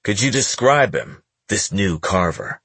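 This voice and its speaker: A man's voice: on the low side, sing-song, a little slow, a bit bright, husky, no room sound, full character voice. A man voicing an impatient, commanding young male clan enforcer who speaks curtly in an audiobook. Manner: curt and demanding.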